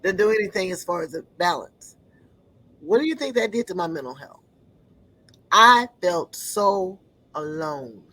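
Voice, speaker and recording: A woman giving an earnest personal testimony, often pausing to search for words. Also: fairly low pitch, expressive, pushed and bright, low-quality recording.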